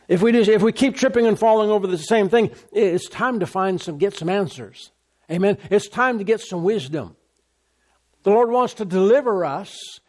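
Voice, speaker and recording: High-voiced preacher man with repetition. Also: darkish tone. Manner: call-and-response asides, repeats phrases for emphasis; reads scripture aloud, then expounds. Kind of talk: sermon.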